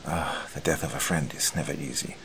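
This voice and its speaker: A man voicing a calm, confident squad leader who gives steady orders. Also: rumbling low, fairly quick, slight background noise. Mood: consoling.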